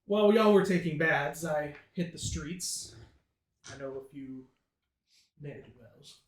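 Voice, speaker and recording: A man's voice: on the high side, measured pace. A man playing a tabletop game, speaking as his character in short plain lines. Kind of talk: casual role-play chat. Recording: roomy echo with faint noise.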